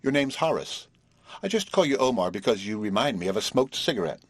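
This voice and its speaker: Guy voicing a cheeky flapper girl in an audiobook, husky, swoopy, teasing. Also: on the low side, big pitch swings, no room sound. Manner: brash, bantering, drawn-out. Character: sassy young woman, teasing and flippant.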